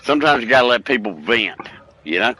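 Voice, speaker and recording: A man's voice: medium pitch, big pitch swings, brisk, pushed and bright, slight background noise, rough recording. A middle-aged man in casual stream chat, blunt and profane, hammering his points home. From United States. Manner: blunt, profane, preachy and emphatic.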